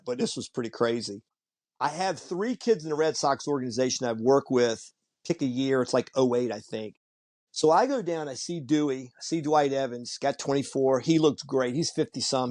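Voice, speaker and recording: A man hosting a casual podcast chat, telling stories with lively acted-out quotes. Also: mid-range voice, no echo, studio quality. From Virginia Beach, US. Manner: animated storyteller who acts out quoted voices. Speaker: podcast host. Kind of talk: casual conversation.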